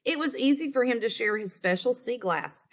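A woman reading a children's picture book aloud in an expressive storytelling manner, recorded over a screen share. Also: a little high, normal speed. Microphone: online screen-share recording.

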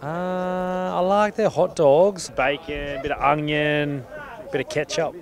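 A man, a rugby league player, answering questions slowly and calmly outdoors. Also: fairly high pitch. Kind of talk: casual interview answers. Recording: crowd noise behind.

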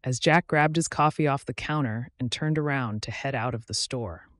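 Man reading a story, steady and measured. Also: mid-range voice, no room sound, studio quality. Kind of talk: audiobook narration.

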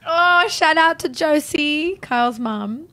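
A woman with a high voice gushes with enthusiasm in casual chat. She speaks warmly and eagerly. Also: lively intonation, slow. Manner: enthusiastic, gushing.

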